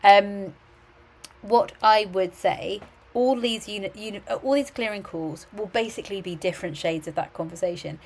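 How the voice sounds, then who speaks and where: A middle-aged woman, a university admissions adviser giving chatty, animated advice on a live stream, often restarting her sentences. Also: medium pitch, normal speed, low-quality recording.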